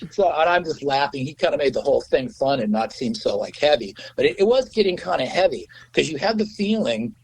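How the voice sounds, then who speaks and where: A man's voice: on the high side, animated, fairly quick, hardly any pauses, a little hiss or hum, poor audio. A middle-aged man, a musician guest, telling stories in a rambling, casual way, full of "you know" and swearing. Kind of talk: casual storytelling.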